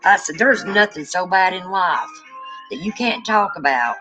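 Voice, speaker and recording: A woman co-hosting a livestream in casual chat, telling a long story and jumping up in pitch when she quotes people. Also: moderate pace, dull audio, soft background music. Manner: animated storyteller, rises high when quoting. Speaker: livestream co-host.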